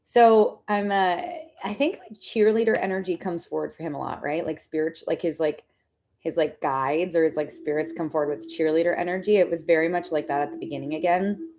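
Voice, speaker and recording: A woman's voice: low voice, a little fast, a little mellow. A young woman giving tarot readings on a casual livestream, chatty and giggly with many fillers. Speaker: tarot reader.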